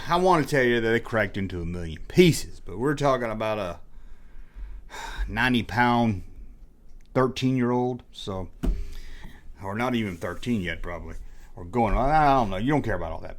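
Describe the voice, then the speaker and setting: A man's voice: mid-range voice, expressive, moderate pace. A middle-aged man telling a rambling, self-mocking confessional story in a casual vlog, as the host of his channel. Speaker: toy collecting vlogger.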